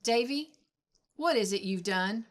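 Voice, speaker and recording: A woman's voice: fairly high pitch, lively intonation, unhurried. A woman reading a storybook aloud, voicing an earnest young woman schoolteacher who is kindly but firm.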